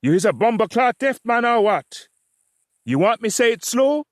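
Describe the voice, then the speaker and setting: A man's voice: extremely high pitch, sing-song, moderate pace, no room sound, studio quality, voice pushed up. A man voicing a blustering Jamaican police sergeant who barks orders and mocks the men he stops, with a Jamaican accent. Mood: commanding. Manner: barking orders, insulting and mocking.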